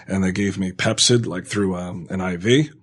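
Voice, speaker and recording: A man's voice: low voice, moderate pace, husky. A man telling a long story in casual chat on a podcast, rambling with many fillers and frequent swearing.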